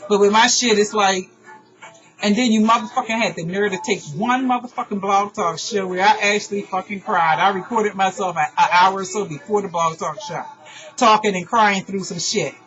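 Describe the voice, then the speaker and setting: A woman's voice: medium pitch, a little fast, fairly bright tone. Woman, exasperated venting monologue, swears freely, dull lo-fi recording, faint music behind. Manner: emotional, profane, exasperated. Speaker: online radio show host.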